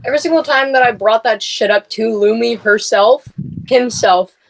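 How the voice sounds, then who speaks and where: A woman's voice: on the high side, normal speed, creaky, poor audio. A woman in a casual voice chat, blunt and slangy, swearing freely.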